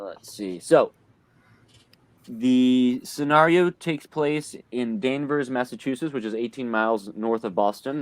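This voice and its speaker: Man, game master, low voice, dry close mic, hesitant, lots of ums, online call. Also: no echo. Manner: hesitant, many fillers and self-corrections. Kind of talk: narrating a tabletop game recap.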